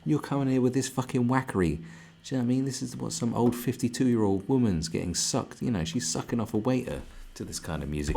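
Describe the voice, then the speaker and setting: A man's voice: medium pitch, quick pace, gravelly, mellow, breathy edge. A young man streaming live, ranting crudely and mocking the video in front of him, laughing often. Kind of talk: profane ranting reaction stream.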